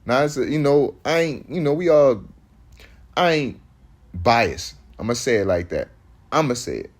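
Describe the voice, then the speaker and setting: A man's voice: medium pitch, lively intonation, normal speed. Man, preaching street talk, rambling, emphatic, many restarts.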